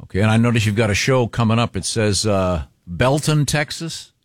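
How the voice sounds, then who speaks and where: A man's voice: on the low side, steady tone, fast talker, no echo, studio quality. A man hosting a casual radio interview, easygoing and chatty. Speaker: radio host.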